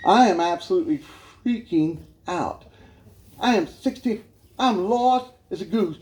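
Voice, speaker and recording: A man tells a humorous story from his own life as a church testimony. He sounds animated, laughs along with his own tale, and his fairly high voice swings widely in pitch. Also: unhurried. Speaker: guest speaker giving his testimony.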